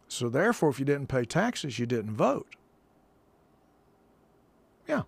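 A man's voice: medium pitch, very animated, slow pace, creaky, long pauses, slightly rough, dry recording. A man hosting a political talk radio show, talking in a folksy, repetitive, emphatic way.

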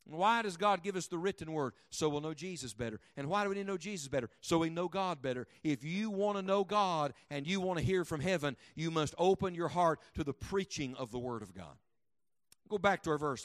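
Man, middle-aged, evangelist preacher, high voice, emphatic, rhetorical questions, loud then hushed. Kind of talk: sermon. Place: church meeting room with congregation.

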